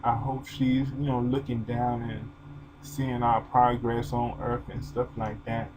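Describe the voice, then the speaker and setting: A man's voice: mid-range voice, flat delivery, unhurried, noisy background. A man talking to his channel in an emotional, informal, rambling way, full of fillers. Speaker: vlogger. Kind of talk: personal video monologue.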